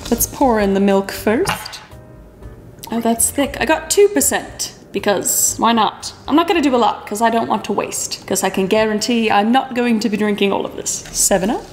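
A woman's voice: on the high side, moderate pace, soft background music, poor audio. A woman vlogging casually, chatting and cracking crude jokes, now and then slipping into put-on accents. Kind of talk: casual comedic vlog.

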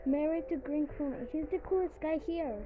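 A woman voicing an excitable young bride in hobby voice acting. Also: high voice, brisk, narrow, tinny audio, natural voice. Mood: eager. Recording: clear background music.

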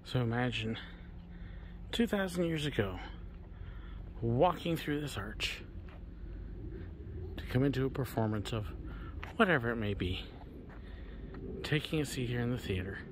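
Animated man touring an outdoor amphitheater. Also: mid-range voice, unhurried, long pauses, a little hiss or hum. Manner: animated, showman-like projecting at times. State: out of breath. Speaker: travel vlogger, host. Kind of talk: casual guided tour. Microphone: handheld camera, no microphone.

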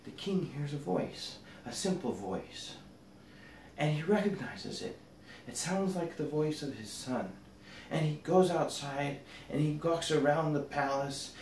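A man, a rabbi, teaching a meditation by gently telling a parable. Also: a little high, animated, unhurried. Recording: roomy echo, distant mic, faint noise.

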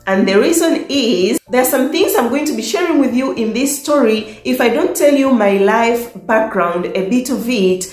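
A woman's voice: fairly high pitch, lively intonation, moderate pace, hardly any pauses. A young woman from Tanzania telling a personal story to her viewers, often laughing between sentences. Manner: warm, laughs often, emotional at times. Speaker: vlogger. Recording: echoey room with faint music.

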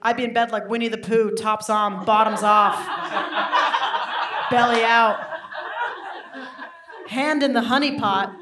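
A woman's voice: on the high side, a little slow, long pauses, very noisy. A woman doing a stand-up comedy set, telling self-mocking stories and talking straight to the crowd. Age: 30s. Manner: animated, self-mocking storytelling with frequent asides to the crowd. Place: comedy venue with a live audience. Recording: roomy live venue recording.

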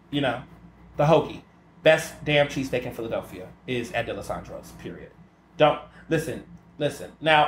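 A man's voice: on the high side, a bit bright. Sassy, emphatic male podcast host. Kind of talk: casual solo chat. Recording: roomy echo with faint ambient noise.

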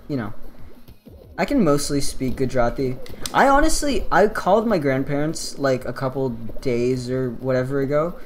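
A man's voice: on the high side, slight background noise. An American man streaming a game, chatting casually with his chat, laughing often and swearing freely as he rambles. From United States. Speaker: gaming streamer. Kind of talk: casual live-stream chat while playing.

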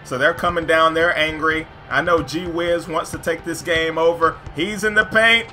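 A man commentating his own basketball video game with hype, jumping from loud shouts to low, joking asides. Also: fairly even intonation, normal speed, few pauses, slight background noise. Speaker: gaming YouTuber commentating his own play. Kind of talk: excited gameplay commentary.

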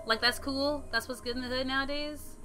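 A woman commenting on a video game she is playing, reacting in an excitable, sassy way. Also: high-pitched, a little fast, faint music behind. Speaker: gamer. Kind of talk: let's play commentary.

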